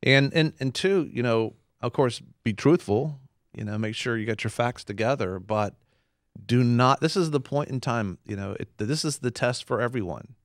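A man's voice: mid-range voice, moderate pace, dry recording, studio quality. A man hosting a Christian talk show, speaking emphatically like a preacher and repeating points for stress.

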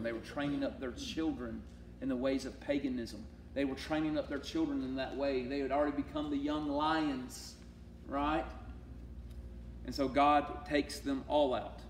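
A man teaching a sermon-style Bible study. He talks emphatically, swinging between loud declarations and hushed asides. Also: mid-range voice, slight background noise. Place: church sanctuary. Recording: echoey church room from far off.

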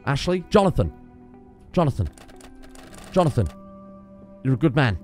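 A young man giving excitable, sweary let's-play commentary, talking to his game characters as he plays. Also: mid-range voice, takes it slowly, pauses often, soft background music. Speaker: gaming YouTuber.

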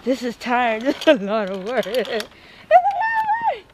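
A woman's voice: fairly high pitch, lively intonation, normal speed, very noisy. A winded woman vlogging outdoors on a treetop ropes course, exclaiming and laughing as she narrates with a handheld camera. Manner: exclaiming, laughing, swearing, narrating her own struggle. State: out of breath. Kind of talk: casual self-filmed vlog.

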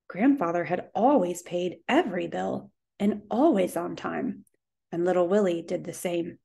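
A woman narrating a children's novel aloud in a steady, even storytelling manner. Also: lowish voice, normal speed, creaky. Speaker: audiobook narrator.

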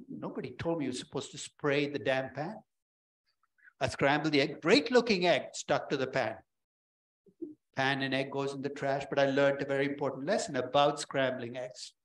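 Guy professor lecturing, kinda high voice, lively and jokey. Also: moderate pace, low-quality recording. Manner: lively, joking, conversational teaching. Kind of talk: university lecture.

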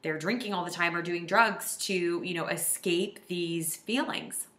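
A woman's voice: lowish voice, unhurried, sharp tone, echoey room. A woman life coach giving an earnest, heartfelt and emotional confessional self-help vlog.

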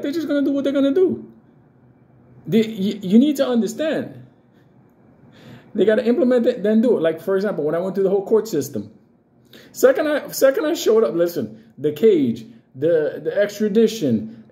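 Blunt, profane man with a mellow voice. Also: high voice. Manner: blunt, profane, hammering rhetorical questions. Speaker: crypto commentator. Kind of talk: casual crypto commentary.

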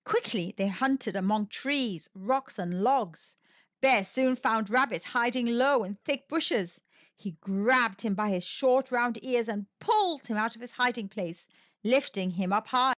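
Woman storytime host, high, animated sing-song read-aloud, dry close mic. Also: a little slow, no room sound, highs cut off.

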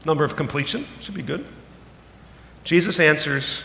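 A man in his thirties, a pastor preaching a sermon, animated and emphatic, dropping low and slow for key points. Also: creaky. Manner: animated, swings between loud emphatic bursts and low slow asides. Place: church sanctuary. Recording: echoey hall with long reverb.

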